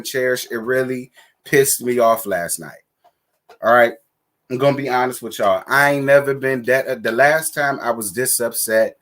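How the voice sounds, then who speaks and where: Speaking at a mid-range pitch, this live streamer keeps things casual, sassy, and blunt, swearing freely. Along the way he shouts out viewers and urges them to hit like.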